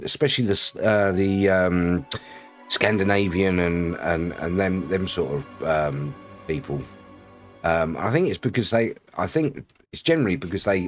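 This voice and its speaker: Brief: man from Britain, low voice, rambling and chatty, greets viewers, faint music behind. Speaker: game streamer. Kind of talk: casual live-stream chat.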